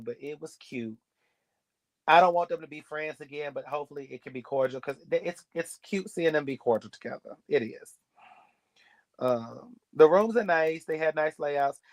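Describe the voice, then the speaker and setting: A man giving a sassy, blunt, gossipy recap of a reality show episode. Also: fairly high pitch. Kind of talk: casual recap commentary.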